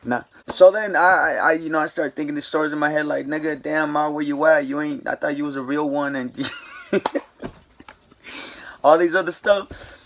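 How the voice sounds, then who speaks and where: A man's voice: a little high, fairly even intonation, moderate pace, vocal fry, a bit bright, slight background noise. A young man casually telling a rambling, slangy story to camera, with lots of fillers. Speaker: vlogger.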